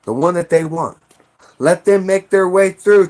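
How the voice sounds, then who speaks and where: A middle-aged American man with a noticeably high-pitched voice rants furiously. He swears constantly and breaks into shouted bursts. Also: moderate pace. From United States. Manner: heated, profane, shouting bursts. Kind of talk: angry political rant.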